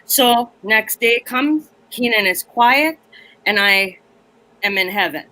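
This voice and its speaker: Teacher lady telling a funny story, bright sharp voice, acts out all the voices. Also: on the high side, slow pace, no echo, low-quality recording. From Minneapolis area. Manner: animated, acts out voices, laughs often. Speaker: comedian and teacher guest. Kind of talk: storytelling on a video call.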